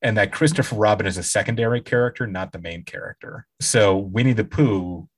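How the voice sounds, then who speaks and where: A man's voice: fairly low pitch, fairly quick, breathy edge. A man co-hosting a podcast in casual chat, steadily laying out facts and dates. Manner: steady, informative, lays out facts. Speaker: podcast co-host.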